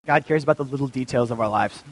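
A man's voice: mid-range voice, fast talker, low-quality recording. A young man giving a casual, joking sermon as a youth pastor, full of fillers and restarts. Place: church.

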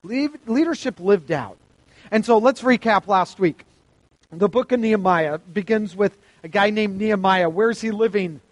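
A man's voice: sits high, normal speed, dry recording. A man preaching to teenagers in a casual youth sermon, chatty, acting out quotes and quizzing the crowd. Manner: chatty, acts out quotes, asks the crowd questions. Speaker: youth pastor.

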